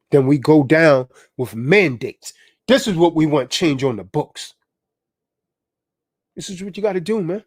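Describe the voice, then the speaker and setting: Impassioned high-pitched man preaching live. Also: a little mellow, no echo, studio quality. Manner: preachy, exhorting, repeats "man". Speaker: livestream host.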